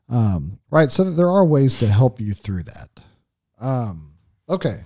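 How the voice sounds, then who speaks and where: A man in his thirties talks through relationship advice in an easy, conversational flow, often checking in with "right?" and restarting his sentences. His voice is mellow and dark, and it sits close and dry with no room sound. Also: medium pitch, very animated, measured pace, no echo. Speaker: co-host of a Christian marriage podcast. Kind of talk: casual teaching chat.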